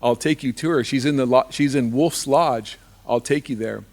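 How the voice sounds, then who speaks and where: A man voicing a small female meadowlark bird in a raised, slow voice. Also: mid-range voice, lightly acted. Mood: helpful. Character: injured little meadowlark, female, shrill.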